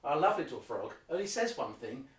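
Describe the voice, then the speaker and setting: Very animated and quick, this medium-pitched male opera guide talks from a distance as he explains each scene, breaking into brief sung motifs now and then. The roomy, off-mic recording includes piano for his listening-tour examples.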